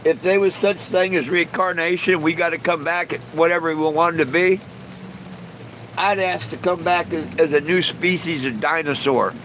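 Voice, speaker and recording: A man's voice: on the high side, fairly even intonation, moderate pace, fairly bright tone, a little hiss or hum, low-quality recording. Folksy rambling man telling jokes. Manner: folksy, rambling storyteller with frequent "you know". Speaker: live stream host. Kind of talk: casual joke telling.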